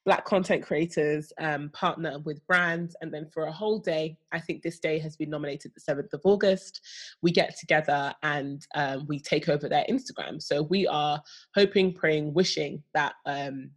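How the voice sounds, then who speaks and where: Bubbly lower-voiced young woman podcaster. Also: moderate pace. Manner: bubbly, playful, jokey asides. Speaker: podcast co-host. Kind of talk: casual chat.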